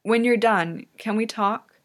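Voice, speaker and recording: A woman voicing an anxious young male figure skater in a fan audiobook reading, speaking in a hesitant, soft manner. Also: a little high, a little slow, close to an everyday voice.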